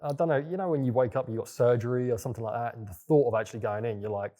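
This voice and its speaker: A man's voice: mid-range voice, rapid-fire, mellow. A young man telling his story in a casual, loose way, with plenty of fillers and the odd swear word. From England. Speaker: guest entrepreneur. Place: villa in Bali.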